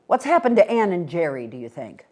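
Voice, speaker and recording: A woman's voice: lowish voice, big pitch swings, fairly quick, dark tone. A woman reading aloud, voicing an irritable older husband who grumbles.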